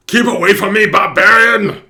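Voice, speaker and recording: A man's voice: sits high, sharp tone, pitched above the performer's own voice, exaggerated voice. A man voicing a jittery, crazed male mechanic who stammers and pleads. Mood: angry.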